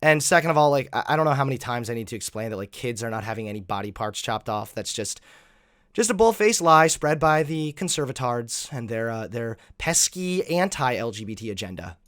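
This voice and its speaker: A man's voice: mid-range voice, animated, brisk, fairly bright tone, no echo, studio quality. A man giving sarcastic, exasperated commentary while reacting to clips.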